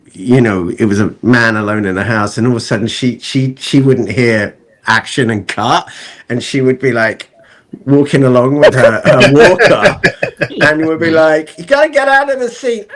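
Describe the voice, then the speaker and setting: Animated storytelling man, lively pitch. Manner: animated storyteller who acts out other people. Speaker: film director, guest. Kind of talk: casual interview storytelling.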